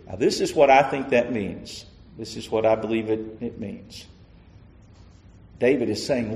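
A man preaching a sermon in a church, pleading and passionate, then dropping to a hushed, intimate tone. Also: mid-range voice, sing-song, unhurried. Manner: impassioned, swings from loud pleading to hushed near-murmur. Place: church sanctuary. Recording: echoey hall with long reverb.

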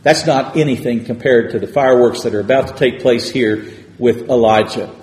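A man's voice: mid-range voice, fairly even intonation, normal speed, darkish tone. A man preaching a sermon, retelling a scripture story dramatically and repeating words as he builds. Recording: echoey hall reverb.

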